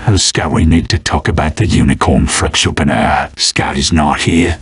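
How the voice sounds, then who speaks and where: A synthetic male voice playing a calm mercenary who talks flatly and plods along. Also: extremely low pitch, moderate pace, husky, dry recording, exaggerated voice. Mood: steady. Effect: synthetic text-to-speech voice.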